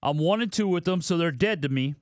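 A man talks through a solo betting podcast in a fairly high voice, cursing freely as he rants. His delivery swings between loud frustrated outbursts and low grumbling asides, recorded close and dry with no room sound. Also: animated, a little fast, dry recording. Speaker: podcast host. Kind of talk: casual solo sports betting talk.

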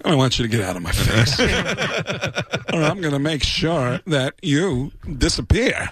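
A man doing an impression of a bloodied older male film star who coldly threatens a stranger with halting, clipped phrasing. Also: on the high side, sing-song, fairly bright tone, slightly rough, heavily acted. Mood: menacing.

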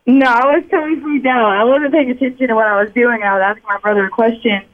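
A woman's voice: fairly high pitch, fast. A woman calling into a radio show, telling an awkward story in a flustered, giggly way. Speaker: caller. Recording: tinny phone line.

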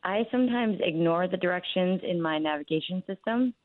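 A woman's voice: on the low side, fairly quick, no room sound, phone-quality sound. A woman calling a radio show, amused and playful as she confesses a quirk. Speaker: caller. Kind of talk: phoned-in confession.

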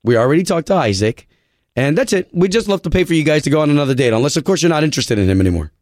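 A man hosting a morning radio show in a studio, pushing his callers with brisk, prodding questions. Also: fairly high pitch, expressive, darkish tone, no room sound. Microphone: studio mic.

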